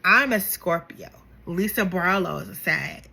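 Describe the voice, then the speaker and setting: A young woman chatting casually as she recaps a reality show, gossipy and animated, acting out the cast's lines. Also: unhurried, gravelly, hardly any pauses, husky. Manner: animated, gossipy, acts out quotes with big pitch jumps.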